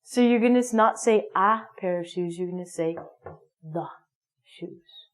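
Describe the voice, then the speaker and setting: A woman's voice: lowish voice, moderate pace. A woman teaching an English grammar lesson, playful and emphatic, acting out little everyday scenes.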